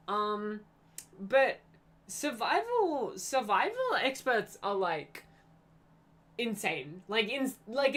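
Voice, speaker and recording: A young woman talks casually to her stream viewers. Her voice rises and falls in lively swings at a middling pitch, and she giggles often and corrects herself mid-thought. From Australia. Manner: scatterbrained, giggly, self-correcting. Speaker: live streamer. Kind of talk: casual rambling stream chat.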